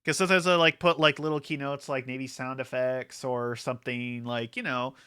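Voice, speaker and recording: A man's voice: medium pitch, steady tone, normal speed, pushed and bright, smooth. A man streaming casually, rambling with lots of fillers and frequent laughter, hyped up from an energy drink. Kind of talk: casual livestream chat.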